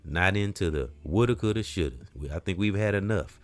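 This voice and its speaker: A man hosting a podcast, giving a rambling, preacherly motivational talk with casual slang, repeating phrases and swinging from quiet to loud emphasis. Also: deep voice, lively intonation, brisk. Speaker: podcast host.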